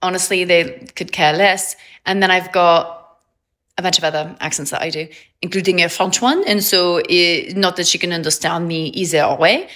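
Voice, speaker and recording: A woman's voice: on the low side, moderate pace, fairly bright tone. A woman, chatting casually and upbeat on a livestream and laughing often. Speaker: livestream host.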